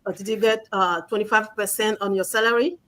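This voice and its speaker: A woman's voice: mid-range voice, fairly even intonation, brisk, a bit bright, a little hiss or hum. A woman guest telling her story in a casual conversation, earnest and conversational. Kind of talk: casual chat.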